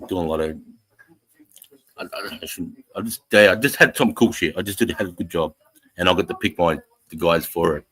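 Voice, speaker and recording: Very deep yet a bit bright and husky, an Australian man in his forties talks briskly on a casual livestream, cursing freely while reading chat and bluntly but warmly greeting viewers as "brother." The audio is close, dry, echo-free, and rough.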